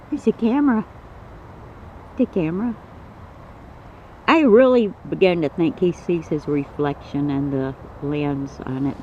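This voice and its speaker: A fond, chatty man talks outdoors about his pet snake, his voice sitting a little high. The camera audio is a bit dull and lo-fi. Faint outdoor sounds stay low behind him. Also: vocal fry, background noise. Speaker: snake keeper filming his pets. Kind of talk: casual vlog talk to camera and to his snake. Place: outdoors in a yard.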